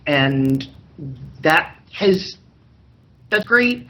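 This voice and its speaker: A man's voice: a little high, normal speed, a bit bright, poor audio. A man in an interview, speaking reflectively and poking fun at himself. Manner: reflective, self-mocking.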